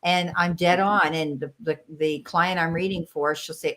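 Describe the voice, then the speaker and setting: A woman's voice: on the low side, steady tone, moderate pace, hardly any pauses. American woman giving live tarot readings. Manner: warm, reassuring, calls viewers sweetheart and honey. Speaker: tarot reader and medium, live stream host.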